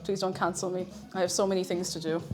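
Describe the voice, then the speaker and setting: A woman's voice: fairly low pitch, level tone, fast talker, music in the background. A woman streaming as she bakes, chatting casually and mocking herself with giggles and flustered apologies from her home kitchen. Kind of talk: casual live-stream chat while baking.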